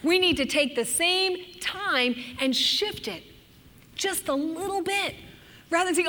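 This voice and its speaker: A woman teaching a sermon to a group of women, animated and dramatic, acting out anxious and angry voices. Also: very high-pitched, measured pace, big-room sound.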